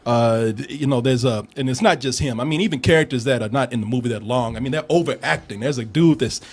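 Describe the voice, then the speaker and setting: A man's voice: mid-range voice, quick pace, husky. A man hosting a casual comedic movie review podcast, laughing often and acting out lines from the film. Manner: animated, laughing, quotes characters in exaggerated voices.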